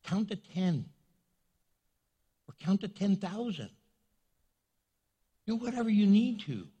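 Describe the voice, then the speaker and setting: A male pastor preaching a sermon in a church, animated and joking, repeating his points for emphasis. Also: sits high, slow pace, slightly rough, dull audio.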